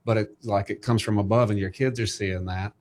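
A man's voice: lowish voice, steady tone, fairly quick, a little mellow. A middle-aged man hosting a casual interview, speaking earnestly and encouragingly about faith and family. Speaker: host.

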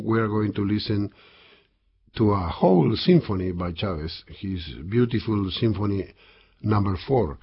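Low husky guy hosting a classical music radio show, kinda dull lo-fi sound. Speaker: radio host and composer.

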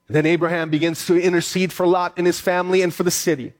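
Man, pastor, high voice, sermon, repeats phrases for emphasis. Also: level tone, fast. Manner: reads scripture aloud, then preaches with repetition and emphasis.

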